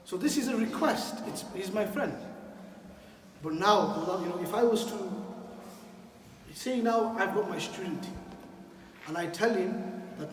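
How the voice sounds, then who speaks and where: An imam preaching in a mosque hall, his fairly high voice booming with emphasis as he repeats key phrases and questions his listeners. He is heard from a distance, with a long reverb trailing each phrase and faint ambience behind. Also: lively intonation, unhurried, pauses often, slight background noise. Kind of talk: sermon. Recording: echoey hall, from far off.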